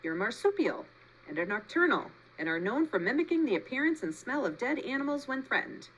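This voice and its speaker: A woman's voice: on the high side, sing-song, a bit bright, a little hiss or hum, voice pushed up, rough recording. A woman voicing a polite, stiff female robot learning to talk with others, in a storybook read-aloud. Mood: formal. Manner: formal, measured, plain.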